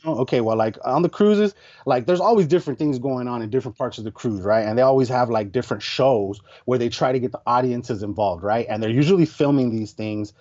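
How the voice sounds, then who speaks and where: A man's voice: medium pitch, a little fast. A man guest on a podcast, telling a story in a casual, slangy way, swearing often and acting out other people's lines. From Tucson area, United States. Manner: animated, slangy, swears a lot, mimics others loudly. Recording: dull lo-fi podcast audio.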